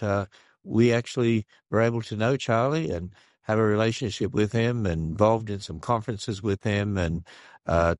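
An older man with an Australian accent, speaking earnestly and haltingly as a radio interview guest. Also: lowish voice, no echo, clean studio sound. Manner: earnest, measured, halting with restarts. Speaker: guest, creationist ministry leader.

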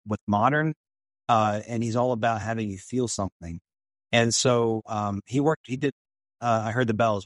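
A man's voice: lowish voice, no room sound. A man in an interview telling a story with enthusiasm, acting out quotes in a raised voice. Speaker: film director and writer.

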